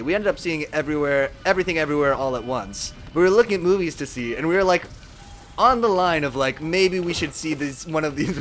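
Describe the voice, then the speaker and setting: A man's voice: fairly high pitch, fairly bright tone, a little hiss or hum. A young man from Southern California chatting casually and joking while he streams a game, laughing often. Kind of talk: casual live-stream chat while gaming.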